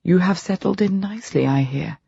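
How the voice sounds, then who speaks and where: A narrator voicing a calm, courteous male doctor who speaks quietly and formally. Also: mid-range voice, vocal fry, slightly rough, dry recording, pitched above the performer's own voice. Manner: polite, measured, formal. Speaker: audiobook character. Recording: dull lo-fi recording.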